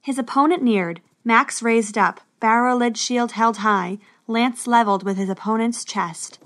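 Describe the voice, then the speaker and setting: A woman narrating a storybook adventure in a steady, expressive way. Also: a little high, measured pace.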